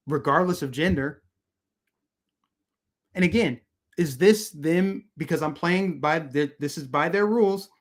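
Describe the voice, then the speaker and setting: A man hosting political commentary on a live stream, ranting in a heated, emphatic, repetitive way and answering his chat. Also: high voice.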